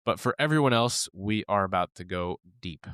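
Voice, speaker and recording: This is a man in his thirties co-hosting a podcast, his voice sitting a little low. He tells a personal story in an animated, candid way and laughs easily. The sound is dry and close, with no room around it. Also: moderate pace, smooth, no room sound. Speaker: podcast co-host.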